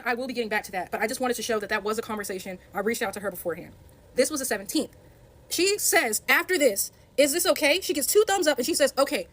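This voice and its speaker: A woman talks through her side of a falling-out for a storytime vlog, reading message screenshots aloud one by one. She speaks quickly in a slightly high voice. Her tone is emphatic and defensive as she stresses each point. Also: fairly bright tone. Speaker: content creator telling her side of a story.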